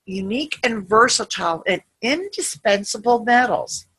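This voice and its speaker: A woman's voice: a little high, animated, normal speed, fairly bright tone, slightly rough, rough recording. A woman voicing a cheery, peaceful female mentor in a guided meditation story. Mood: serene.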